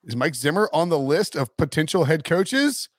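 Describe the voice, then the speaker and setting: A man's voice: a little high, sing-song, normal speed, no room sound. A man hosting a casual sports podcast, talking in a rambling way with lots of fillers. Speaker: podcast host.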